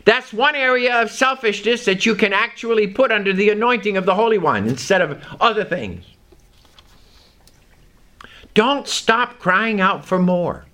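A man preaching a sermon to a congregation, reading scripture aloud and stressing key words in an emphatic, drawn-out delivery. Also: high-pitched, expressive, sharp tone.

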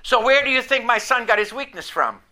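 A man's voice: very high voice, animated, brisk, sharp tone. An older man preaching a sermon, telling a personal story earnestly and chuckling at himself now and then. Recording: noisy recording.

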